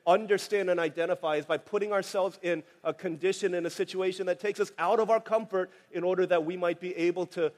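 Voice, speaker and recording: A man's voice: high voice, steady tone, quick pace, hardly any pauses. Man preaching in a reverberant church. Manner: conversational, anecdotal, frequent fillers. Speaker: pastor. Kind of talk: sermon. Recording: long hall reverb.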